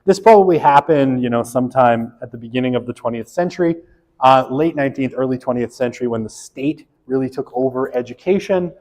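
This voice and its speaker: A man's voice: mid-range voice, brisk, a little mellow, big-room sound. A man gives a casual, joking sociology lecture, full of fillers and tag questions like "right?". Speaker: sociology instructor. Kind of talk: recorded university lecture.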